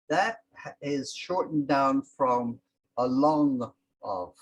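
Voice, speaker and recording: A man teaching a language lesson, explaining words slowly and calling out each one with emphasis. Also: medium pitch, low-quality recording. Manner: slow and explanatory, sounding out each word with emphasis.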